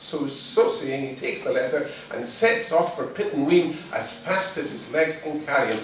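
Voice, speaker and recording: A male storyteller spinning a folk tale with a playful, humorous lilt in a fairly high voice. He sounds far from the mic in a very echoey space, with faint noise underneath. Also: animated, moderate pace, few pauses. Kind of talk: live folk-tale telling. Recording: distant mic in a very echoey room.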